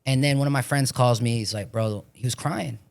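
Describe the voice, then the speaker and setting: A man in his forties from Florida, an actor talking as a podcast guest in a casual, animated way, swearing often as he tells stories. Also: mid-range voice, fairly quick, creaky. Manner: profane, animated storytelling with frequent swearing. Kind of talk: casual chat.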